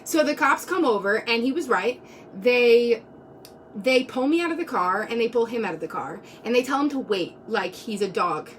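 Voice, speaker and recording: A woman's voice: fairly high pitch, expressive, moderate pace, recorded from a distance, a little hiss or hum. A woman in her twenties telling a personal story casually on a live stream, rambling with many fillers. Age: 20s. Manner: rambling, many "like"s, laughs between lines. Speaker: vlogger.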